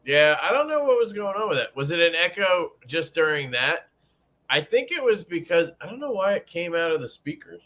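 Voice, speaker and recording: Young guy on a live stream, kinda high voice, bouncy, cussing and shouting out chat. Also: big pitch swings, normal speed. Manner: profane, joking, greets chat viewers. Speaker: livestream host. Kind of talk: casual livestream chat.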